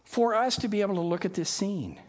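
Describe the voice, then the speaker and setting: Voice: mid-range voice, a little fast. A preacher giving a sermon, who reads a scripture passage and then explains it conversationally, acting out the scenes. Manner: animated, acts out scenes. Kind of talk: sermon with Bible reading.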